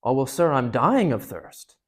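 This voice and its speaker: A man's voice: medium pitch, very animated, measured pace. A man reading aloud and voicing a frightened schoolgirl who talks in an anxious, pleading way.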